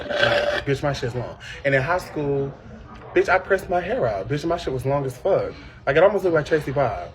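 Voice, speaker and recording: A man telling a dramatic story over dinner in a loud, animated way, acting out the people in it. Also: mid-range voice. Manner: dramatic, loud, laughing, acts out other people. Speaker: podcast co-host. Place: restaurant during a meal.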